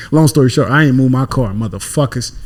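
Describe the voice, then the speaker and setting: Animated young man telling a story. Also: medium pitch, moderate pace. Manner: animated storyteller, acts out quotes, swears freely. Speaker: podcast guest. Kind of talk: casual storytelling.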